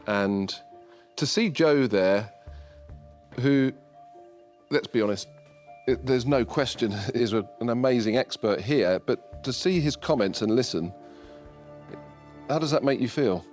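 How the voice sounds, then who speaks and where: A man, an investor on a panel, speaking in a gentle and supportive way. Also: mid-range voice, measured pace, pauses often. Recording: light music underneath.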